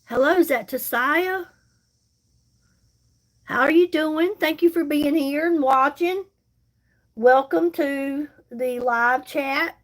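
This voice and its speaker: A high-voiced woman talks slowly, with long pauses, during casual live chat while doing her makeup on stream. As host and seller, she comes across as folksy and reassuring.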